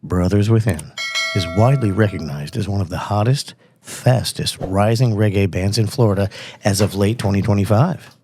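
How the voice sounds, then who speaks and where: A man putting on a mock-formal TV newscaster voice to read out a news item, in a deep, self-important delivery. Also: normal speed, natural voice. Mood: mock-serious. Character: pompous male TV newscaster, adult. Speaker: mock newscaster reading an AI overview.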